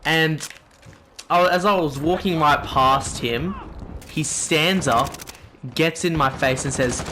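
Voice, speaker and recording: A man's voice: fairly high pitch, unhurried, noisy background. Aussie teen guy ranting a story, lots of swearing, gunfire from the game going off behind. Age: teens. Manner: animated, swearing, rambling. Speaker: gaming channel host. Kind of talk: casual storytime over gameplay.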